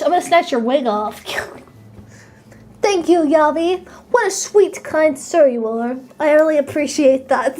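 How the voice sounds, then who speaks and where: Young woman streamer, high voice, bouncy swooping pitch, excitable, squealy, giggly. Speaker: VTuber streamer. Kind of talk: live stream chat.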